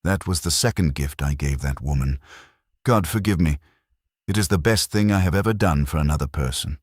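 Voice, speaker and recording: Speaking in a deliberate, sombre, confessional manner, a man with a strikingly low and weighty voice recounts a first-person horror tale. The audio is close and dry, without any reverb.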